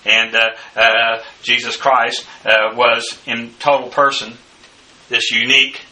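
Bright, halting male bible teacher. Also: mid-range voice, level tone. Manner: halting, many filler uhs. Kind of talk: bible study lecture reading numbered notes. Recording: distant mic with faint background noise.

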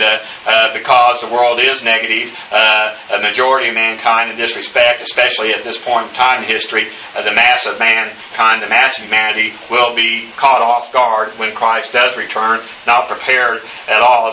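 A man teaching the Bible verse by verse, speaking haltingly with many fillers and spelling out Greek words letter by letter. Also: medium pitch, pushed and bright. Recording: echoey room, distant mic, faint noise.

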